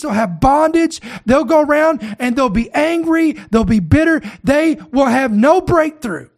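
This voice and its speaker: High-voiced fervent male preacher. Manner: fervent, emphatic preaching with rhetorical calls to the congregation; repetitive, building lists. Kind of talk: sermon.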